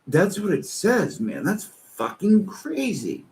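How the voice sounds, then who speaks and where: A man's voice: high voice, sing-song, takes it slowly, darkish tone. A man reading posts aloud and commenting on them in a profane, exasperated rant.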